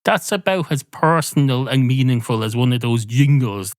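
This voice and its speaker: A man's voice: mid-range voice, lively intonation, moderate pace, dry recording. Sardonic Irish man rambling solo. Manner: sardonic, rambling, puts on mock radio voices. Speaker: podcast host. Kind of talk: solo comic monologue.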